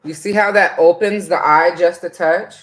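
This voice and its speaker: A woman's voice: lowish voice, fairly even intonation, moderate pace. A woman vlogger chatting casually through a makeup tutorial, reading out viewer comments and laughing often. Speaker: beauty vlogger.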